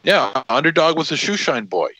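Male co-host, animated pitch, playful, dry close sound. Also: normal speed, dry recording, poor audio. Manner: lively, playful storytelling. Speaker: podcast co-host. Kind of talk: casual podcast banter.

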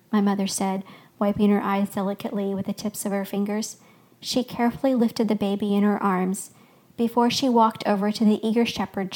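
A woman's voice: medium pitch, a little mellow. A woman podcast host reading her own story aloud as scripted narration.

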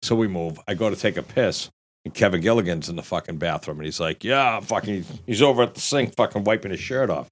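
A man's voice: low voice, brisk. A middle-aged man with a Boston accent telling a rowdy story on a podcast, swearing, laughing and acting out the voices. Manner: animated storyteller, acts out quotes, laughs often. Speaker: podcast host. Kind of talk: casual storytelling with profanity.

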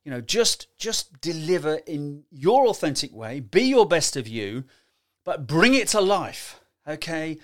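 A middle-aged man gives lively, emphatic podcast advice on presenting, often tagging his points with rhetorical questions. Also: on the high side, a little slow. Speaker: presentation skills coach. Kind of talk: solo podcast advice talk.

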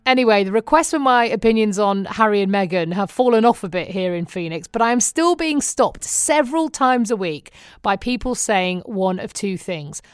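A woman with a British accent talks to her viewers in a loose, chatty monologue. Her humour is wry and self-mocking, and she breaks into laughter often. Her voice sits in a middle pitch and the recording is close and dry, with no room echo. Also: animated, moderate pace, clear, resonant tone. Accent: British English. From England. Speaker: vlogger. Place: living in Phoenix, Arizona.

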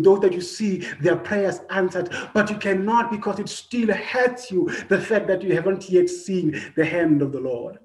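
A man, preaching a personal sermon, earnest, repeating his phrases, swinging between loud and soft. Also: sits high. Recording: echoey room.

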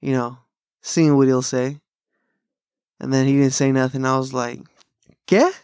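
Recorded at studio quality with a clean tone and no echo, this podcast host speaks in a mid-range, monotone, darkish voice at normal speed. He chats casually, telling rambling, profane bro-style stories and laughing often.

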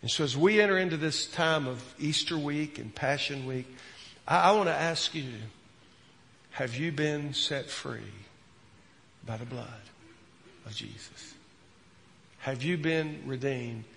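A man preaching a sermon as a pastor, earnest, repeating words and dropping from loud to hushed. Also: a little high, unhurried, gravelly, long pauses, big-room sound, slight background noise.

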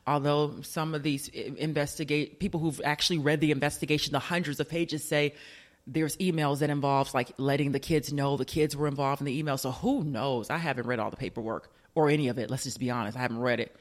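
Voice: mid-range voice, fairly even intonation, fast. A radio show host in casual commentary, chatty and joking, firing off rhetorical questions.

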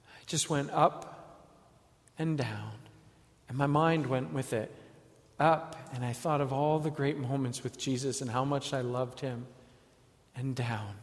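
A man telling a first-person dramatic monologue as an apostle, moving between hushed reflection and eager storytelling. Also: on the high side. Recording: echoey hall with long reverb.

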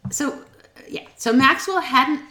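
A woman's voice: sits high, slow pace, pushed and bright. A young woman hosting a podcast, telling a true crime story in a playful, teasing way and quizzing her co-host. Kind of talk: casual storytelling chat. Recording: echoey room with faint noise.

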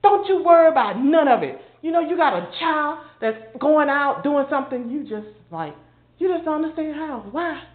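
An older woman preaches in a high voice, impassioned and conversational. The sound is thin and phone-like, with a roomy echo around her. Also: expressive, moderate pace. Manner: impassioned, conversational, mimics others in mocking asides. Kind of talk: informal sermon. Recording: phone-quality audio in an echoey room.

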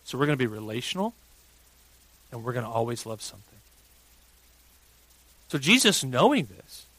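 A man in his thirties, a pastor preaching a sermon and telling a family story with big swings from hushed to loud. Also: a little high, dry recording, low-quality recording.

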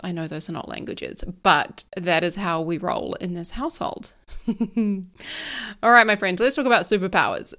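A woman's voice: medium pitch, a bit bright. A middle-aged woman from New Zealand with a New Zealand accent that drifts toward American, hosting a solo podcast in a chatty, self-deprecating way. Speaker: podcast host.

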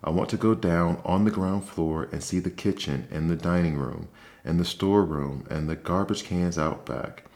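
Ralph, a bold young mouse, read by a low-voiced man. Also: normal speed, darkish tone. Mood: defiant. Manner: bold, boastful. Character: young male mouse, eager and restless. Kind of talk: ASMR bedtime story reading.

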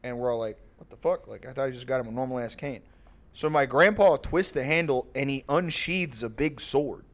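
A man's voice: medium pitch, fairly quick. A man telling a long, rambling, profane family story on a podcast, laughing often. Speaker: podcast host. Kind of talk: casual storytelling.

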